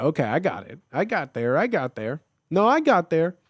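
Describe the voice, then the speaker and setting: A man's voice: fairly high pitch, normal speed, no echo, studio quality. A young man in his twenties chatting casually and jokingly on a live stream, reading and answering chat. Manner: animated, jokey, slangy.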